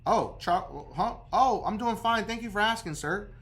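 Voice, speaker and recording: A man's voice: sits high, moderate pace, fairly bright tone. A man voicing a friendly male phone agent at a credit bureau, speaking in a polite customer-service tone.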